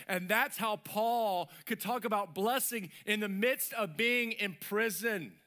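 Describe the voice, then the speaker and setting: A man preaching a sermon as pastor, animated and lively, acting out little voices and sound effects. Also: high voice, slow pace, few pauses. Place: church stage.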